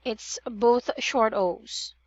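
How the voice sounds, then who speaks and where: Woman, pronunciation tutor, unhurried, corrective, somewhat muffled call audio. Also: on the high side, no echo. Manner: patient, drills words and corrects vowels. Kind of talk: online one-on-one tutoring.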